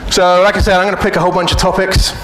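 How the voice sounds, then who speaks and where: A man with a somewhat high voice delivers a casual, joking conference talk and doesn't mind swearing. His voice rings around a reverberant hall. Faint room ambience sits underneath. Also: flat delivery, very fast, fairly bright tone, slight background noise. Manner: informal, joking, blunt and profane. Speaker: conference speaker.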